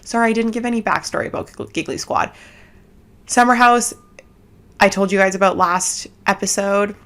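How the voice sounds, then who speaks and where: A woman from Canada hosting a casual chat podcast at home, giggly and rambling, talking fast with lots of fillers. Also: mid-range voice, a bit bright. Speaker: podcast host. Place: home setup, seated cross-legged.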